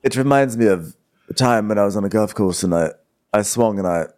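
A man's voice: fairly low pitch, fairly quick, darkish tone. A man co-hosting a podcast, recapping a reality show in a joking, rambling way and laughing often. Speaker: podcast co-host. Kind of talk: casual comedic recap chat.

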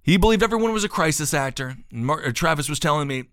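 A man's voice: on the high side, lively intonation, quick pace, fairly bright tone, clean tone, no echo, clean studio sound. A man hosting a casual podcast chat, talking in a sarcastic, cynical way. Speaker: podcast host.

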